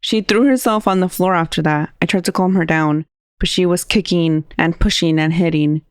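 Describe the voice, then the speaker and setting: A woman's voice: lowish voice, fairly even intonation, moderate pace, smooth, no room sound, studio quality. A woman co-hosting a podcast, casually retelling a creepy radio call and translating its quotes. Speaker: podcast co-host. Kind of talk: casual storytelling chat.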